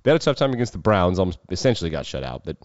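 Low-voiced dude riffing on football bets, swears a lot, dry muffled sound. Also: male voice, sing-song, rapid-fire, darkish tone, no room sound. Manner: loose, irreverent, swears freely. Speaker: sports betting show host. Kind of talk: casual sports talk.

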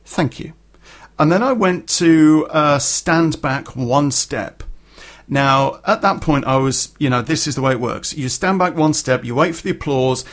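A middle-aged man telling a personal story for a podcast in a blunt, earthy way, with swearing and plenty of fillers. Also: medium pitch. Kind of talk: casual spoken storytelling.

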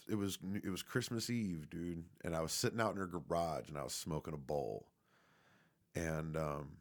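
A young man casually telling a rambling personal story, laid-back and swearing often. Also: deep voice.

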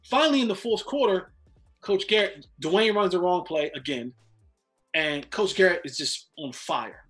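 High-pitched guy telling football stories, excited, stumbles over words, soft music under it. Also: normal speed. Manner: animated, repeats words when excited. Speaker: podcast host, former football player. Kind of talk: casual storytelling.

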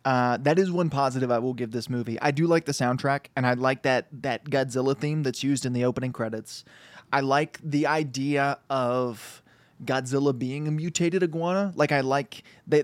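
A man's voice: mid-range voice, no echo. A man co-hosting a casual movie review chat, venting his frustrations in an exasperated, ranting way. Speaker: podcast co-host.

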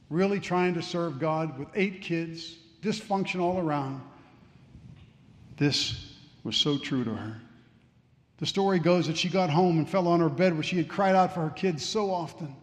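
High-voiced man preaching in echoing church. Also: moderate pace. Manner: dramatic, swings from hushed to fervent. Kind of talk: sermon storytelling. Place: church sanctuary. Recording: long reverb of a large church.

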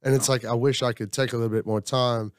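A man's voice: mid-range voice, steady tone, fast talker, no echo, studio quality. A man talking about his week at a table, rambling and acting out what others said. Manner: rambling, self-reflective, acts out quotes. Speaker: group member sharing. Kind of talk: casual group talk.

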